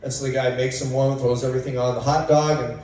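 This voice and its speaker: A man doing stand-up jokes at a coffee shop, halting with many fillers and restarts. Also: medium pitch, steady tone, darkish tone. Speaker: stand-up comedian. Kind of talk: open-mic joke telling. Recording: echoey room, mic far off.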